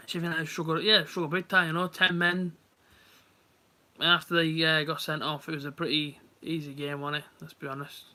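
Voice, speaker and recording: Pitched a little high, his voice stays level, brisk and bright, with real force behind it. He's a young streamer talking casually and directly to viewers, wandering from point to point as he reacts live to a match.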